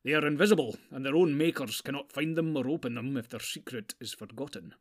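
A man voicing a proud, gruff male dwarf warrior who speaks firmly and defensively. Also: mid-range voice, fairly quick, natural voice.

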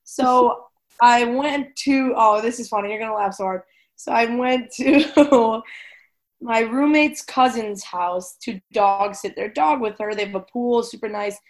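A bubbly young woman in her twenties, co-hosting a podcast in easy, casual chat. Her voice sits a little high, and she giggles often, saying "like" constantly as she tells a story. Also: measured pace. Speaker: podcast co-host.

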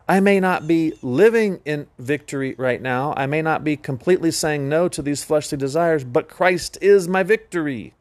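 A man's voice: medium pitch, no echo. A man hosting a Christian teaching podcast, talking in an earnest, emphatic preaching manner. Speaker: podcast host.

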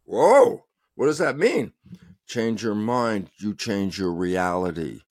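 A man's voice: lowish voice, animated, takes it slowly, darkish tone, no echo, clean studio sound. A man from the United States, a guest scientist in an interview, who talks in a passionate, emphatic way and often quotes himself.

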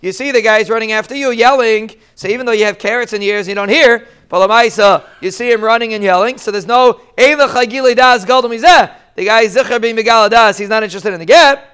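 A man giving a Talmud study lesson, explaining the Aramaic text line by line in casual English and acting out the quoted shouts with a raised voice. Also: high voice, fast, few pauses, clear, resonant tone. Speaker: Talmud teacher.

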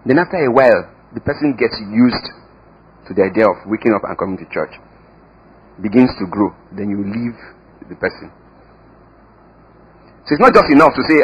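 A man preaching a sermon as pastor, emphatic, with sudden swings in loudness and pitch and repeated words. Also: breathy edge, dull audio.

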